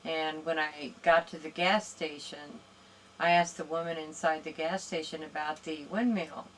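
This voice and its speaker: A woman guest on an interview show with a notably low-pitched voice. She speaks thoughtfully and a little haltingly, often pausing to find the right words. A faint hiss of noise sits beneath her. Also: flat delivery, poor audio. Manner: thoughtful, hesitant, searching for words. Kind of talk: casual conversational interview.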